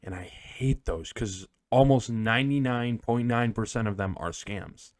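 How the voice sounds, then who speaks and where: A man's voice: medium pitch, measured pace, dry recording, studio quality. A young man co-hosting a podcast who talks assertively and explains technical details in a casual chat. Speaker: podcast co-host.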